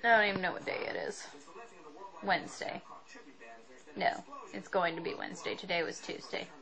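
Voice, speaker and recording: A woman's voice: fairly low pitch, normal speed, vocal fry, crowd noise, poor audio. A young woman vlogging in a rambling, self-deprecating way, laughing often and apologizing for going on too long. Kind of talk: rambling casual vlog.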